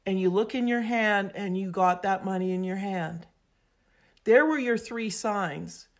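A woman guest on a podcast, telling an animated, emphatic story and acting out voices as she goes. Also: medium pitch, unhurried. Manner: acts out quoted voices, expressive and emphatic.

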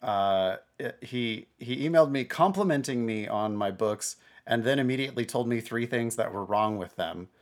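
A middle-aged man co-hosting a casual podcast, talking in an animated way, laughing and often breaking off to restart his sentences. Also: mid-range voice, normal speed, few pauses. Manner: animated, laughing, self-interrupting. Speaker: podcast co-host.

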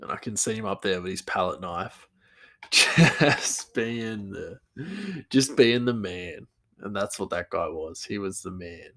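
Man, low voice, casual rambling monologue, easygoing. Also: unhurried, sharp tone.

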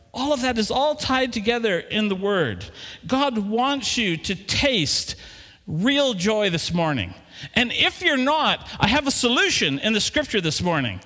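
Lively, bright-voiced pastor preaching in a hall. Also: male voice, extremely high pitch, measured pace. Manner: animated, talks to the congregation with questions. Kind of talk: sermon. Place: church hall. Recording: long hall reverb.

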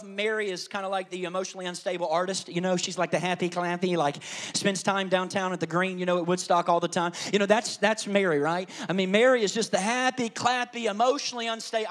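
A man pastor delivering an animated sermon, dropping to hushed asides and rising to loud emphasis. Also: high-pitched.

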